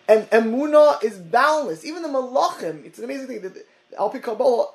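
A man teaching a Torah class over a call, talking in halting bursts, often repeating words and mixing in Hebrew and Yiddish terms. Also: sits high, gravelly, a little mellow, low-quality recording.

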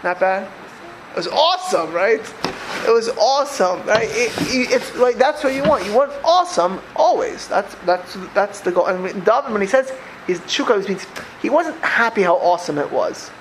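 An older man with a high voice teaches a religious class in a loose, chatty way. He circles back over his points and keeps asking rhetorical questions. A faint hum of the room sits behind him. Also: expressive, moderate pace. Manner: conversational, rhetorical questions, repeats phrases. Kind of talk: Torah class lecture.

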